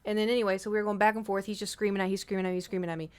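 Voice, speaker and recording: A woman's voice: medium pitch, little pitch movement, racing, darkish tone, clear, resonant tone. A woman streamer chatting casually with viewers, telling a rambling story with swearing and the odd whispered aside. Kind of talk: casual chat.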